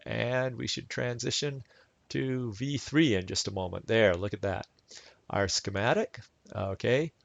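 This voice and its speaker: Gravelly low-voiced man teaching software. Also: no echo. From Canada. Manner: relaxed, chatty step-by-step explaining with fillers. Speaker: instructor. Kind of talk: screen-recorded software tutorial.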